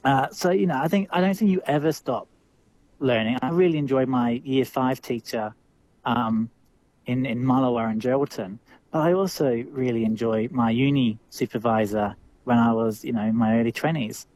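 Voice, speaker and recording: A man's voice: medium pitch, moderate pace, darkish tone, no room sound. A man with an Australian accent, a drama teacher answering interview questions thoughtfully, with lots of fillers and restarts.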